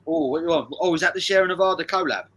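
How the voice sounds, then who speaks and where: A man's voice: fairly high pitch, fast, fairly bright tone. A man hosting a charity live stream quiz, reading out viewers' answers and bantering, with frequent swearing and laughter. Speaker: live stream host running a music quiz.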